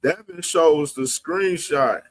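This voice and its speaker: A man's voice: fairly high pitch, slow. A man hosting a boxing livestream, talking in loose, slangy, casual commentary. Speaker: boxing stream host.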